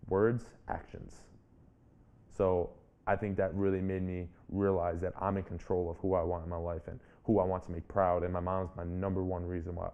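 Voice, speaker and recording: Over phone-quality sound, a low-pitched man in his twenties recounts a personal story as an interview guest. He's a public speaker and author, earnest and reflective, and he often restarts what he's saying.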